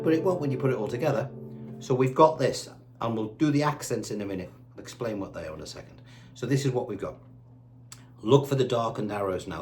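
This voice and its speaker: A man giving a patient, step-by-step guitar lesson and counting the beats aloud. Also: on the low side. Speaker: guitar teacher. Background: his own guitar playing.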